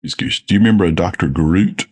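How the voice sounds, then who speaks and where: A man's voice: deep voice, fast. A man hosting a casual podcast interview, curious and prone to side questions. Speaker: podcast host.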